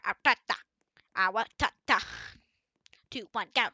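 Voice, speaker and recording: A woman chatting through a video game, excitable and often bursting into startled screams as she talks to herself and the other players. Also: on the high side, unhurried, no echo, highs cut off. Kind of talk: casual gameplay commentary.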